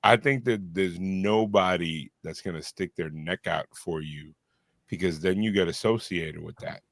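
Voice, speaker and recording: A man's voice: sits low, unhurried, no echo. A man co-hosting a podcast, talking loosely in casual chat, full of "like" and "you know what I mean". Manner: loose, filler-heavy storytelling with lots of "like". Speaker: podcast co-host.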